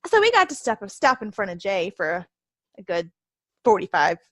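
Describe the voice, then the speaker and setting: A woman's voice: medium pitch, big pitch swings, moderate pace, dry recording. A woman co-hosting a podcast in casual chat, recounting events in a rambling way, quoting herself and laughing often. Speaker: podcast co-host.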